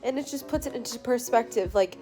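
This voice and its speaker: A woman's voice: on the high side, brisk, dark tone, soft background music. A tired young woman in a hotel room bed, recapping her day in a chatty, gushing vlog full of "like" fillers, recorded on a handheld phone. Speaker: powerlifter vlogger.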